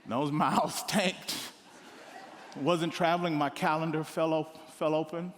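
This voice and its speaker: A middle-aged male pastor telling funny stories in a lively, joking sermon. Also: fairly high pitch, a little slow, slight background noise. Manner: animated, joking, with playful voices for others. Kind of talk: comedic sermon storytelling. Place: large hall on stage. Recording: long hall reverb.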